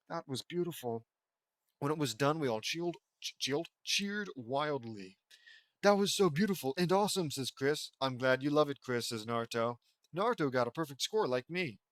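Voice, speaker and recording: A man's voice: a little high, no room sound. A man reading fan fiction aloud for comedy, breaking off into sarcastic, mocking asides. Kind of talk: comedic dramatic reading with commentary.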